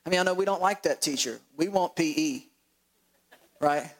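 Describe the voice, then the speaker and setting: Animated pastor telling stories. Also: male voice, on the high side, moderate pace, poor audio. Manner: animated storytelling, laughing, acting out voices. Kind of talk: sermon.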